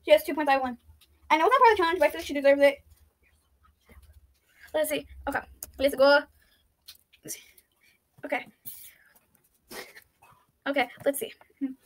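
A woman giving excitable, chatty gameplay commentary, thinking aloud and pleading loudly when things go wrong. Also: high voice, moderate pace, long pauses. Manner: thinks aloud, with frequent "let's see" and "I don't understand". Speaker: YouTuber playing an online game.

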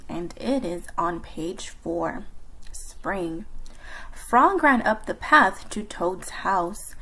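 A young adult woman reading a children's storybook aloud for a library, narrating and explaining slowly and clearly to young listeners. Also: mid-range voice, fairly bright tone, rough recording.

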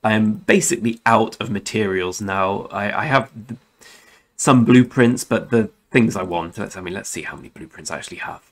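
A young man hosting a gaming channel rambles casually through game commentary, frequently correcting himself and swearing now and then. His voice is on the low side, at a moderate pace.

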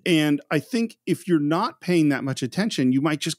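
A man co-hosting a film podcast, recounting scenes in detail in a lively, casual way. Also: fairly high pitch, moderate pace, no room sound, clean studio sound. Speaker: podcast co-host.

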